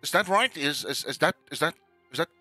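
A man's voice: a little high, expressive, brisk, sharp tone, no echo, faint music behind, heavily acted. A man voicing a male tavern master in a tabletop game, sputtering in disbelief. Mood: incredulous. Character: gruff old male tavern master, incredulous.

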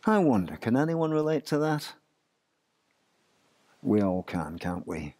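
Man, English accent, preaching, slow deliberate pace, swooping expressive pitch. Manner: animated preaching with rhetorical questions. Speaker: pastor. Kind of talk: sermon.

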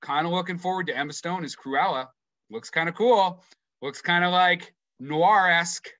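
Bright, slightly high male podcast co-host, playful and profane, dry close recording. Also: moderate pace, dry recording, lo-fi sound. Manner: animated, swearing, playful. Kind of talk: casual chat.

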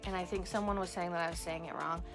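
A young woman hosting a casual unboxing vlog, gushing and excitable, gasping over each cute item. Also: on the low side, fast, over music. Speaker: craft and squishy channel host.

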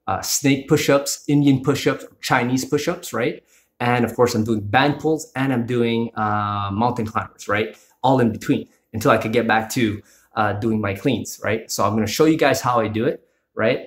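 A man's voice: mid-range voice, normal speed. A man in his forties giving a casual workout demonstration at home, talking loosely with many fillers and asking "right?" often. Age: 40s. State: out of breath at times. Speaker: fitness vlogger. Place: apartment near a balcony door.

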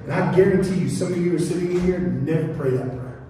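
A man preaching a sermon as pastor, telling stories in a lively, joking way. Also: a little high, fast, slight background noise. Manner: storytelling, animated and joking. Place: church sanctuary. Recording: echoey church hall from far off.

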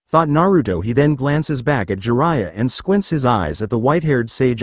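A man narrating a fan fiction story aloud, plain and steady. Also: medium pitch, moderate pace, no room sound, clean studio sound.

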